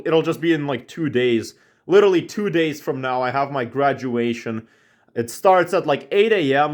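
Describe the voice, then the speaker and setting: Young man, home vlog rant, rambling, filler-heavy, annoyed pitch spikes, mid-range voice. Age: young adult. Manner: complaining, rambling with many fillers, pitch jumps up when annoyed. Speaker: vlogger. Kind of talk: casual ranting monologue. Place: at home indoors.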